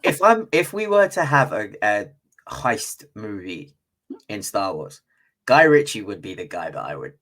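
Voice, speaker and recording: A man's voice: on the low side, big pitch swings, measured pace, fairly bright tone. A man with a British accent, co-hosting a podcast in casual chat, rambling with lots of fillers and the odd swear. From Britain. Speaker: podcast co-host.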